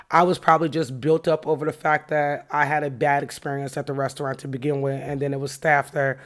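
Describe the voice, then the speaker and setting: A woman hosting a podcast, candidly retelling a heated run-in and reflecting on what it taught her. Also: deep voice. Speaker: podcast host. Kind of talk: casual personal storytelling with a lesson.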